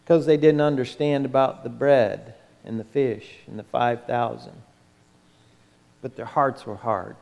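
A pastor preaching a sermon, telling the story with lively, animated storytelling and acting out the voices of the people in it. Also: male voice, mid-range voice, unhurried, gravelly. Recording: long hall reverb.

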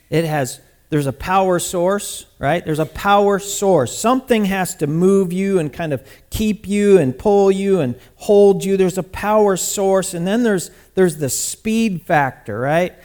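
A man with a fairly high voice delivers a sermon in a loose, talkative style, speaking straight to the people in front of him. He leaps from loud bursts down to soft, low asides. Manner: animated, conversational preaching with sudden loud bursts and soft drops; talks to the congregation directly, calling on people by name. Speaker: preacher.

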